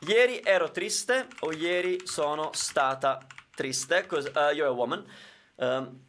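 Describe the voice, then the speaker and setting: Italian-native guy teaching on a live stream, kinda high gravelly voice, chatty explainer. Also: measured pace, a bit bright, slight background noise. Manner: explains with everyday examples, answers viewer questions.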